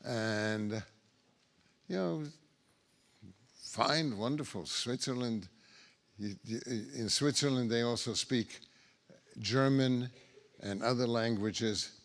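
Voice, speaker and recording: Older male survivor, slow and halting storyteller, mid-range voice, many pauses and fillers. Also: mid-range voice. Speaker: Holocaust survivor speaking at a school assembly. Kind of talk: storytelling Q&A talk.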